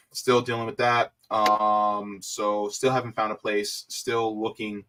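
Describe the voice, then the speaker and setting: A man's voice: on the low side, flat delivery, slow pace, background noise. A man hosting a casual livestream, talking to viewers in a loose, rambling way with plenty of fillers. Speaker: livestream host.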